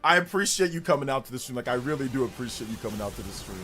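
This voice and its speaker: A man's voice: mid-range voice, lively intonation, very fast. A man from California hosting a casual live stream, chatting with viewers in an upbeat, elevated presentation voice and laughing often. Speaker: streamer hosting a live gaming news show.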